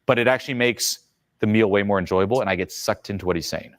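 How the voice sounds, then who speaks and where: A man coaching on social skills, telling stories in a lively, expressive way. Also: fast, no room sound. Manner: lively, expressive, swings in pitch. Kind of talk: animated storytelling advice.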